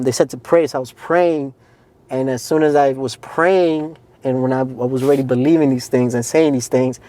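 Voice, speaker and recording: A man co-hosting a podcast tells his faith story earnestly and casually, leaning heavily on "like" and "man." His voice is medium in pitch with a darkish tone.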